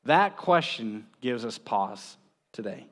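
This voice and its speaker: Male pastor, casual storyteller in the pulpit, lightly raised pitch, quick "right?" asides. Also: lively intonation, fairly bright tone. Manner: storytelling, often checks in with "right?"; chuckles between points. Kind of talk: conversational sermon. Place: church.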